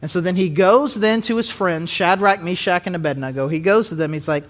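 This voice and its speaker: A man pastor preaching a conversational sermon, with lively asides and acted-out quotes. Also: on the high side, normal speed.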